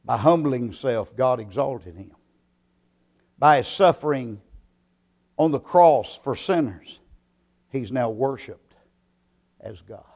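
Slow, emphatic preacher man. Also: mid-range voice, lively intonation. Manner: slow deliberate preaching with sudden loud emphatic swells. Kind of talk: sermon.

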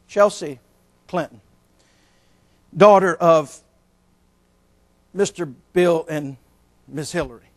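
Folksy high-voiced pastor. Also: male voice. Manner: folksy, joking, storytelling. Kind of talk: sermon.

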